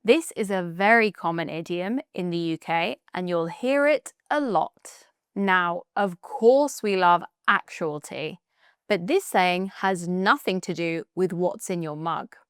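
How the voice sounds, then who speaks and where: Slow, smooth British woman teaching. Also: lowish voice, no echo, clean studio sound. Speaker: English tutor. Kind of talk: online English lesson.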